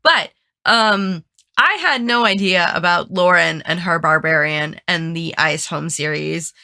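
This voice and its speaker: A woman co-hosts a book podcast in casual chat, offering dry, wry asides. Allergies leave her voice stuffy and congested; it's lowish, gravelly and sharp in tone, and she's unhurried.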